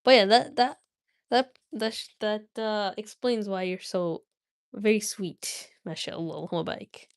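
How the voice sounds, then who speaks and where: A woman's voice: mid-range voice, fairly even intonation, a little slow, dry recording. Chatty woman streamer reading aloud. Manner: chatty and playful with viewers, with many restarts. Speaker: livestream host reading aloud. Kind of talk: casual livestream chat and read-aloud.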